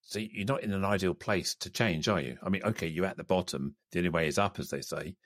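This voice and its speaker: Man, interviewer, very deep voice, probing, conversational, dry recording. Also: quick pace, no room sound. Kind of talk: interview questions.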